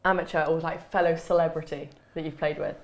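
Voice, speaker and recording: A woman hosts a relaxed chat, her voice a little low. She asks her guest questions in a playful, teasing way. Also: fairly quick, noisy background. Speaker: host. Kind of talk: casual chat interview.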